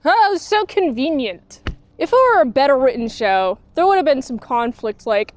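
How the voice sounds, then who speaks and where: A woman giving a blunt, sarcastic spoken review of a TV show, acting out characters in quick quoted voices. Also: high-pitched, very animated, slight background noise.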